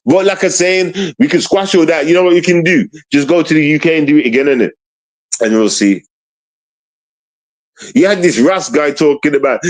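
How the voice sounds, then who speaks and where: A man's voice: fairly high pitch, normal speed. A man, ranting on his livestream in street slang and repeating himself. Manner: repetitive, confrontational street slang. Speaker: streamer.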